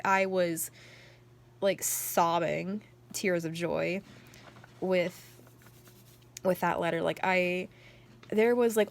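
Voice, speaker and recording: Young adult woman, casual vlog chat, mid pitch, excitable and rambly with constant filler words. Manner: excitable storyteller. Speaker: journal vlogger.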